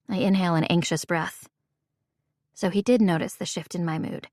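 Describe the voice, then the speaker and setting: A woman narrating a first-person audiobook in a wry, measured way. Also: lowish voice, no echo, clean studio sound.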